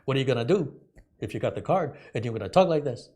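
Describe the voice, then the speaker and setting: A man's voice: medium pitch, lively intonation, fast, a little mellow, lightly acted. A man putting on the voice of an older Jewish comedian with an exaggerated, indignant sing-song delivery.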